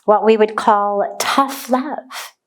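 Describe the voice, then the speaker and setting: A woman giving a spiritual talk as a teacher, speaking in a deliberate, earnest way and dwelling on single words. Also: mid-range voice, steady tone.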